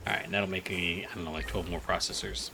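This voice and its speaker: A man's voice: sits low, fairly even intonation, quick pace, creaky, noisy background. A man casually thinking aloud while playing a game, rambling with lots of fillers and sounding a bit groggy. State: groggy after a nap. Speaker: gaming channel host. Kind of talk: casual Let's Play commentary.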